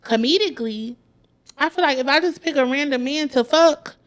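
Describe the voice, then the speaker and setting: A woman's voice: high-pitched, normal speed. A young woman from Philadelphia, a comedian guest talking candidly and rambling with many fillers, acting out the voices of people she quotes. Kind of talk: candid casual chat.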